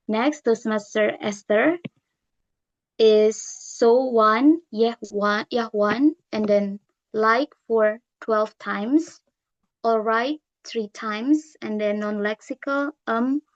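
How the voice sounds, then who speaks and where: A woman's voice: mid-range voice, muffled recording. A woman reporting filler-word counts one by one to members of an online meeting, in a methodical way. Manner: slow, methodical, listing counts. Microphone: computer mic on a video call.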